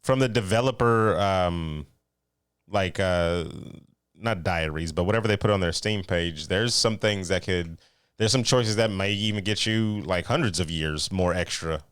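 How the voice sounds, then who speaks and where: A young adult man co-hosting a casual live-streamed chat, talking in an animated, excitable way. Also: low voice, measured pace, clean tone, no echo, clean studio sound. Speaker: podcast co-host.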